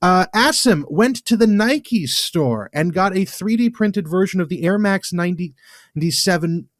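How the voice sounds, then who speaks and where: An English man co-hosting a podcast, talking bluntly and swearing freely. His voice sits a little high for a man. The sound is dry and close to the mic, with no room echo. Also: lively intonation, unhurried. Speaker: podcast co-host. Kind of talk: casual chat.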